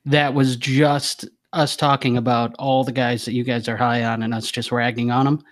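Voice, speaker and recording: A man's voice: medium pitch, little pitch movement, moderate pace. A man co-hosting a casual podcast, bantering wryly and then laying out an argument. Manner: wry, self-mocking banter. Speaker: podcast co-host.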